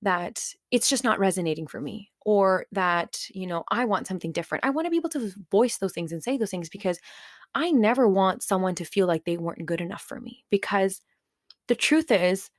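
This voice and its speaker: A woman's voice: medium pitch, animated, a little fast, dry recording, studio quality. A young adult woman hosting a solo podcast, talking candidly and reflectively in a conversational way with plenty of fillers. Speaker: podcast host.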